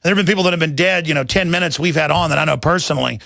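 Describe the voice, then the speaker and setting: A man's voice: a little high, very fast, gravelly, bright, forceful tone, dry recording. A man hosting a talk radio show, ranting and sarcastic as he reads headlines, plugs sponsors and takes calls on a studio mic.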